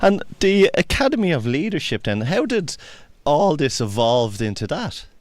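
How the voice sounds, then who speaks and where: A man's voice: on the high side, very animated, normal speed. A man hosting an interview, dropping in brief, encouraging replies and questions. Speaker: podcast host. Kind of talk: casual interview chat.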